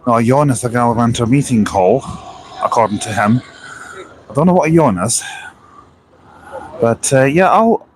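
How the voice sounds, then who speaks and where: A man's voice: medium pitch, a little hiss or hum. Chatty man streaming outdoors. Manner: chatty, rambling, reads out viewer comments. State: sore throat with a cough. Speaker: live streamer. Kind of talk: casual live-stream chat. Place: outdoors overlooking a bus station.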